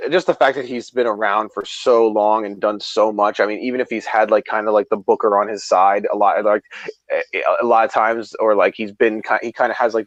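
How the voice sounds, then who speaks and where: A man's voice: on the low side, no room sound, dull audio. A man co-hosting a podcast, chatting casually and hedging with lots of "like". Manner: chatty, hedging with many likes. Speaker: podcast co-host.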